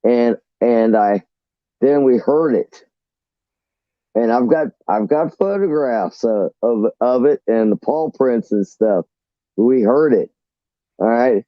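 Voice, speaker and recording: A man phones in to a talk show and spins a long, profane, meandering tale in casual storytelling fashion, frequently tripping up and starting over. His mid-range voice comes slowly through a dry, dull, lo-fi line.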